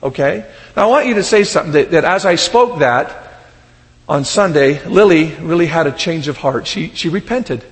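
A high, lively male preacher delivers his sermon with an animated storytelling manner, voicing characters as he goes. His voice rings out through a reverberant church hall with a long tail. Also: normal speed. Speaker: pastor. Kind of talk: sermon with humorous stories.

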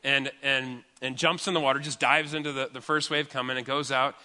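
A man telling a story in a chatty, animated way as a pastor during a sermon. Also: mid-range voice, fairly quick. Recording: long hall reverb.

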